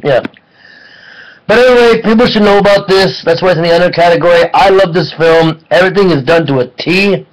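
Man, slightly high voice, casual film review, excitable, rambling, jokey. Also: brisk, low-quality recording.

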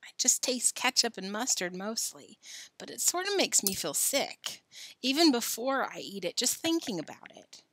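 A woman's voice: medium pitch, a little slow, pushed and bright, dry recording. A woman voicing a tired, queasy young boy in a storybook, subdued in manner. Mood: weary.

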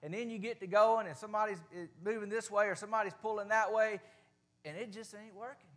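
High-voiced Southern preacher. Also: male voice, fairly even intonation, fast. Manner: folksy and plain-spoken, swinging between loud and hushed. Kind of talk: sermon. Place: church sanctuary.

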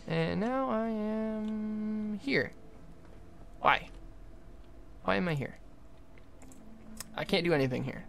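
A young adult livestreamer giving jokey, excitable commentary while playing, often talking to the game's characters. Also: medium pitch, a little slow, gravelly, long pauses. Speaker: gaming livestreamer. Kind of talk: live gameplay commentary.

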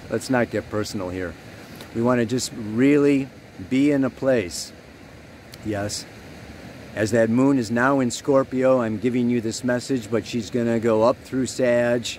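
A male astrologer talks through the sky at an unhurried pace, earnest and meandering, pressing down on the words he cares about. His voice sits in a middle pitch, and a faint background hum runs under it. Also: darkish tone. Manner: rambling, earnest, emphatic on key words. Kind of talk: spiritual astrology talk.

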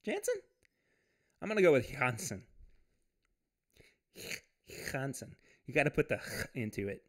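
A man's voice: medium pitch, big pitch swings, fast. A man hosting a casual livestream from home. He reads viewer comments aloud, chats loosely, laughs often and restarts his sentences. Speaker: podcast host.

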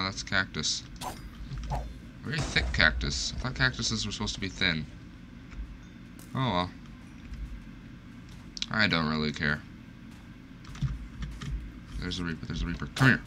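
A man's voice: deep voice, expressive, measured pace, long pauses, noisy background. Panicky young man narrating his game. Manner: panicky, self-mocking, talks to the game. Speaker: gaming streamer. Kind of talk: live gameplay commentary.

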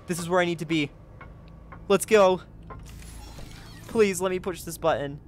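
A man giving let's play commentary as a gaming video creator, excitable, gasping and chatting to his viewers. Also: high-pitched, fairly quick, a little hiss or hum.

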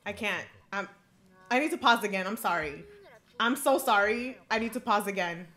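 A woman hosting an anime reaction video, talking to herself with excitable, emotional outbursts. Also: mid-range voice, moderate pace. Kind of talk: live reaction commentary.

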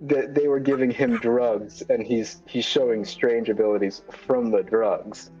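Man, tabletop player, halting, restarts often, middle pitch, muffled recording. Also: fairly even intonation, dark tone, faint music behind. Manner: halting, full of restarts and laughs. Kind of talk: tabletop role-play.

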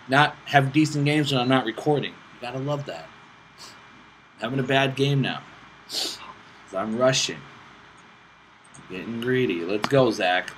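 A man's voice: medium pitch, a little hiss or hum, rough recording. A man hosting his own gaming channel, giving casual commentary as he plays and calls out to teammates, swinging between self-mocking jokes and frustrated outbursts. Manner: excitable, talks to himself and teammates, bursts of frustration.

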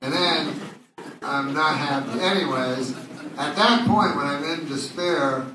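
A man's voice: a little high, a little slow. A man doing a rambling, crude stand-up set with meandering asides, taped from the audience in a comedy club. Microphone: audience bootleg recording from far off. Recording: far-off echoey club bootleg with loud crowd. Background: loud audience laughter and noise.

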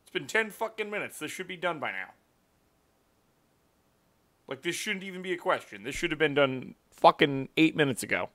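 A man's voice: on the high side, lively intonation, moderate pace, pauses often, pushed and bright. A man streaming live, ranting in a profane, exasperated way at his computer.

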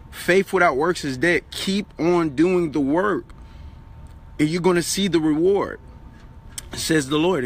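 A man delivers a daily motivational sermon straight to his viewers, his voice pitched a little high. He talks with urgency and hammers the same phrases again and again as he quotes scripture and exhorts them to keep going. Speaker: online preacher. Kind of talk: motivational Bible talk to camera.

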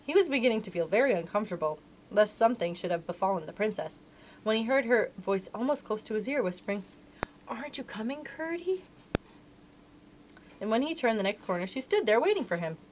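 Animated woman reading a storybook aloud. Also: medium pitch, fast, noisy background. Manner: expressive, animated. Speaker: librarian reading to children.

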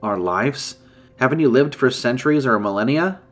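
Casting: male reader as a puzzled young villager in a spooky tale, plain and earnest, soft music behind. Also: medium pitch, animated, moderate pace. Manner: plain, questioning.

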